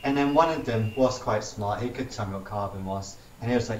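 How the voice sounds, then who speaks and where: A man's voice: on the low side, brisk, slight background noise. A man, chatting casually and acting out the people he retells. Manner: animated storytelling, acts out quoted people. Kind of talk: casual chat. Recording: roomy, distant mic with faint ambience.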